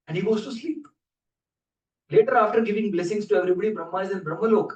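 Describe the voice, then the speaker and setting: A man's voice: sits high, expressive, fast talker. A man giving a scripture class as a sermon, telling stories with playful, joking asides to his audience. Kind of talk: sermon storytelling. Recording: roomy hall, voice from a distance.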